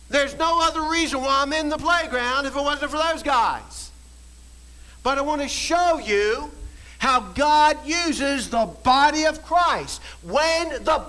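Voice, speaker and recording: A man preaching a sermon, telling a story and swinging from quiet storytelling to shouted exhortation. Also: very high-pitched, poor audio. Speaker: pastor.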